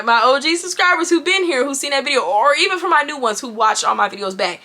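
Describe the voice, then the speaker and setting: A young woman in her twenties tells a story to her viewers in a lively, chatty way. Her voice sits a little high and sounds bright and forceful. She keeps turning to the audience as she goes. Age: 20s. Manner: animated, chatty, addresses viewers directly. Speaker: YouTuber. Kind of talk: casual storytime.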